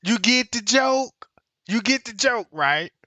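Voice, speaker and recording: Bright, slow-talking streamer man. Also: very high-pitched, lively intonation, no room sound. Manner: slangy, emphatic, repeats himself. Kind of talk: casual rant to viewers.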